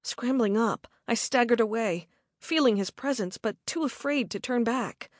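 A woman narrating a suspense story in the first person with measured, dramatic delivery. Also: on the high side, no room sound, studio quality. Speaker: audiobook narrator.

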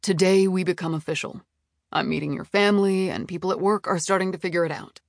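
A woman's voice: on the low side, quick pace, gravelly, dry recording, studio quality. Woman doing a male TV executive, impatient, patronizing, defensive, audiobook. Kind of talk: audiobook character reading.

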